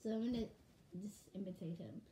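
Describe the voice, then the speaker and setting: A woman vlogging in casual chat to camera at home, bubbly and rambling, and quick to shout with excitement. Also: medium pitch. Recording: echoey room, faint hum.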